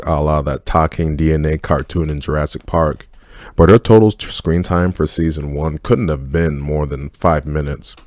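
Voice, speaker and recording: A man's voice: very deep voice, darkish tone, no room sound, clean studio sound. A man giving a casual, blunt spoken review of a TV series, swearing freely and speaking his mind. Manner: blunt, profane, candid opinions. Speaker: film and TV reviewer.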